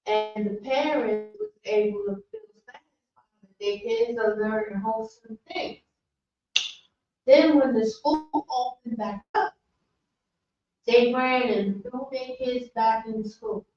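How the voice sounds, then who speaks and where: Slow-speaking woman from far off. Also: a little high. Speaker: class member adding a comment. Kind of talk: slow group discussion. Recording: very echoey, distant, dull sound.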